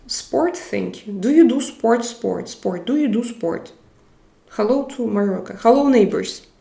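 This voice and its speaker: Streamer, woman: gravelly, unhurried voice in a roomy echo, reading chat aloud in a halting way. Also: medium pitch, mellow. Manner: halting, chatty, laughs often. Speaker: livestream host. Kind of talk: casual live chat, reading viewer comments aloud.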